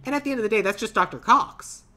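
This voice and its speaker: A woman's voice: fairly high pitch, fast, crowd noise. A woman co-hosting a casual podcast, rambling and playful, with lots of "like" fillers. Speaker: podcast co-host.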